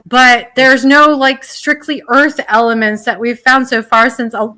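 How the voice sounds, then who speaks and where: A woman's voice: a little high, level tone, measured pace, sharp tone. An American woman as a guest in casual chat, exasperated and sarcastic, swearing freely. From United States. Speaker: guest on a stream.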